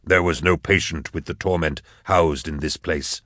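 Scarred old male investigator, read by a man, terse, firm, low voice, dry studio sound. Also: steady tone, normal speed, bright, forceful tone, no room sound. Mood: defiant. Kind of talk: audiobook reading.

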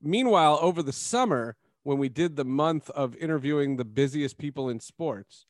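Casting: male podcast host, slightly high voice, lively storyteller, dry close mic. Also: moderate pace, no room sound. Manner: animated storyteller, laughs often. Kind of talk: casual sports podcast chat.

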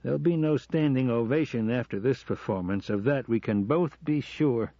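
Here is an earnest male professor in an audiobook, read by a man who confesses everything with self-deprecating candor. His mellow voice is heard up close and dry. The recording has a dull, lo-fi band. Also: medium pitch, normal speed, dry recording, pitched above the performer's own voice, lightly acted. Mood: pleading. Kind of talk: audiobook reading.

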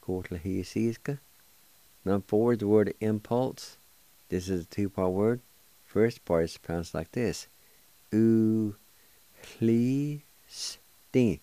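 A man's voice: deep voice, unhurried, warm tone, no echo. A man hosting a radio language lesson, patiently spelling and sounding out words one syllable at a time. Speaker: radio host teaching a language.

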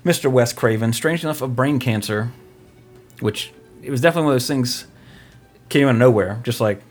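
A man hosts a podcast in loose, casual chat. He rambles along with offhand jokes, his pitch sitting in the middle. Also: brisk, slightly rough, faint music behind. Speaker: podcast host.

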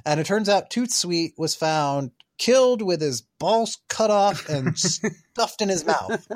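A man's voice: high-pitched, animated, takes it slowly. Rambling casual male podcast host. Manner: rambling, filler-heavy recap. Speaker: podcast co-host reviewing a film. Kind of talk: casual chat.

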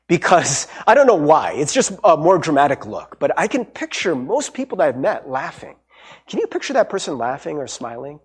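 A man's voice: sits high, breathy edge. A man preaching a sermon as pastor, talking in a conversational way with frequent restarts, little asides and light humor.

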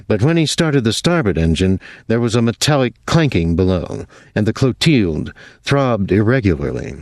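A man reading a novel aloud in measured, even narration. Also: on the low side, no echo, studio quality. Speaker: audiobook narrator. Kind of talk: scripted narration.

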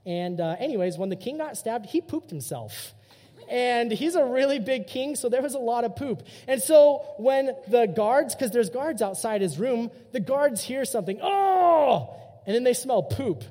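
A young man preaches to a youth group in a casual, animated storytelling manner. His voice sits high and has a mellow, relaxed tone. It rings with the long reverb of a hall. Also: moderate pace. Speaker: youth pastor. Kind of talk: youth sermon.

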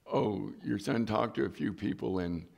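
Gravelly-voiced male pastor preaching. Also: lowish voice, normal speed, darkish tone. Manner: storytelling, acts out quoted voices. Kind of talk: sermon.

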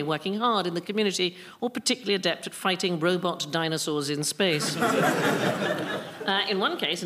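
A woman hosting a comedy news quiz, reading scripted items and landing dry, deadpan punchlines in a studio. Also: fairly low pitch. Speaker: quiz show host. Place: studio before a laughing audience.

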